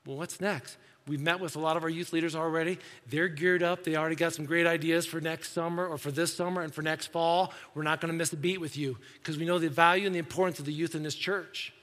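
This man's voice is fairly high and fairly bright as he preaches, heard in an echoey church sanctuary. Speaking conversationally to the congregation as their pastor, he acts out the voices in his quotations.

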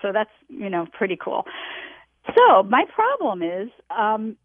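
A woman's voice: mid-range voice, wildly swooping pitch, unhurried, slightly rough, no room sound. Giggly woman caller on a tinny phone line. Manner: giggly, chatty, fillers. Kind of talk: call-in radio show.

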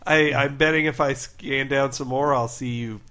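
A man's voice: medium pitch, fairly even intonation, sharp tone. Man, podcast co-host, loose rambling chat full of fillers and side comments. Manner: rambling, filler-heavy, quick asides. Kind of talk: casual chat.

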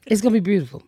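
A woman's voice: mid-range voice, mellow, husky, dry recording, clean studio sound. A woman podcast host telling brash, profane stories in casual comedic chat, acting out the people she quotes.

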